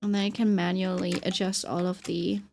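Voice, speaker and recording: A woman's voice: fairly low pitch, flat delivery, fairly quick, a little mellow, a little hiss or hum. A young woman chatting casually and rambling while she draws, laughing often and using lots of fillers. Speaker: artist streaming while drawing. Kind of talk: casual chat while drawing.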